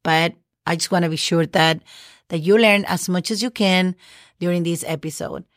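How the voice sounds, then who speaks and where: A woman's voice: fairly low pitch, steady tone, moderate pace, no echo, studio quality. A woman hosting a podcast language lesson, patiently spelling words letter by letter and checking in with "okay?". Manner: checks in often with "okay?" and "right?". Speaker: Spanish teacher and podcast host.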